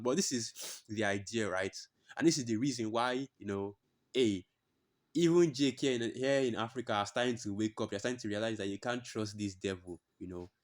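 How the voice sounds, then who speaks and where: A man giving blunt, profane religious commentary that he breaks up with scripture readings, repeating his phrases for emphasis. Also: lowish voice.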